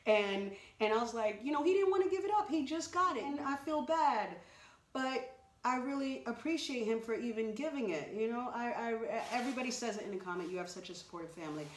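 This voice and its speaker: A woman's voice: fairly high pitch, animated, brisk, distant mic. A woman chatting through a clothing try-on haul video, exclaiming and talking straight to her viewers. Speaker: vlogger. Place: home room. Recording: roomy echo.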